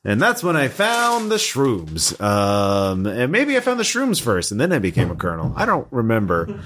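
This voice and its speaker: A man's voice: medium pitch, huge pitch swings, moderate pace, fairly bright tone. Ratface, a man doing a grumpy rambling hermit. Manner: rambling, grumpy, easily annoyed. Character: scruffy filthy male hermit squatter, rambling, paranoid, irritable.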